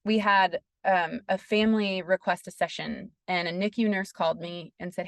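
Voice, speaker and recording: Gravelly-voiced woman telling a personal story. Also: lowish voice, steady tone, moderate pace, hardly any pauses, dry recording. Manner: earnest, peppers speech with "like". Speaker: podcast guest. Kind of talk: casual interview storytelling.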